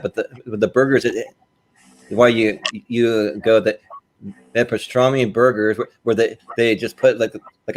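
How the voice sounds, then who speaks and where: A man chatting casually, rambling and restarting his sentences often while he ranks restaurants. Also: lowish voice. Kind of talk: casual chat.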